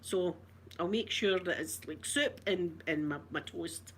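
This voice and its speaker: A woman's voice: on the low side, a little slow, a bit bright, slight background noise. Chatty Glaswegian woman, giggly. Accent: Glaswegian Scottish. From Scotland. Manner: chatty, giggly, broad and playful. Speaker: ASMR channel host chatting with viewers. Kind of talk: casual chat.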